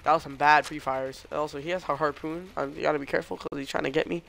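A young man streaming a shooter game, reacting loudly, swearing often and yelping when surprised. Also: on the high side, fast, gravelly. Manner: excitable, swears a lot, yelps and shouts in reaction. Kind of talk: live gameplay commentary.

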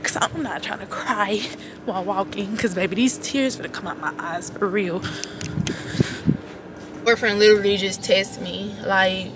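A woman's voice: mid-range voice, normal speed. A young woman, a college student, chatting casually to a handheld camera and calling her viewers y'all. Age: young adult. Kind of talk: casual vlog narration to camera. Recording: loud background noise.

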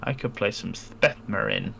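A man co-hosting a game stream, with dry deadpan quips. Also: lowish voice, unhurried, vocal fry, slight background noise. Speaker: co-host. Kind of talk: casual game stream chat.

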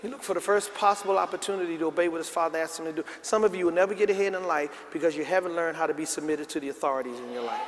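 A man's voice: fairly high pitch, rapid-fire, few pauses, noisy background. A middle-aged man preaching a sermon as pastor, drawing call-and-response from the congregation and climbing to emphatic peaks. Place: large church sanctuary with congregation. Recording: live church recording with reverb.

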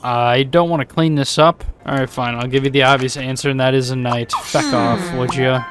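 A man giving casual, sarcastic commentary over gameplay, swearing often and breaking into loud outbursts. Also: mid-range voice. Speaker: let's play gamer.

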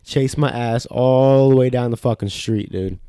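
A man co-hosting a loose podcast chat, spinning profane, animated stories and tossing "dog" into every other line. His voice sits in an ordinary middle pitch. It is picked up close and dry, with no room sound. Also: measured pace, smooth, no room sound. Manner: profane animated storyteller, says "dog" a lot. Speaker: podcast co-host. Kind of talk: casual chat.

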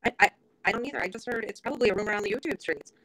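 A woman's voice: mid-range voice, rapid-fire, a bit bright, a little hiss or hum, poor audio. A woman calling in to a live stream, asking pointed, probing questions. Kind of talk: casual conversation.

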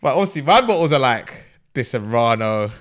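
A man's voice: mid-range voice, sing-song, a little fast. A young man telling a long story in casual chat, laughing often and full of slang. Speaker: podcast co-host.

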